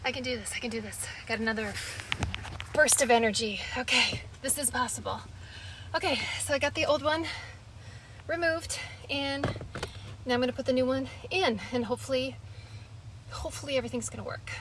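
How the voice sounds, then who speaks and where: High-pitched woman doing a diy vlog in her truck, chatty, talks right to you guys, bit of faint noise. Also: a little fast, long pauses. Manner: chatty, emotional, talks straight to viewers. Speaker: DIY vlogger. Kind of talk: casual how-to vlog. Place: working in her pickup truck.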